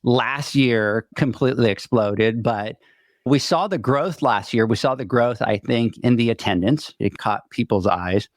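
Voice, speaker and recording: A middle-aged man hosts a podcast, rushing through his words and still catching his breath. His voice is dry and close, with little room sound behind it. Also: medium pitch, dry recording. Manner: rapid, rambling, out of breath. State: winded. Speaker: podcast host. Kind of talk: casual chat.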